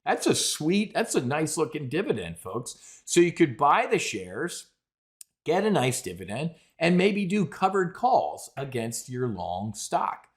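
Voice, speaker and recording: A man's voice: fairly high pitch, very animated, measured pace. A middle-aged man hosting a live trading show, talking in a brash, rambling way and calling his audience folks. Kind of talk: live market commentary.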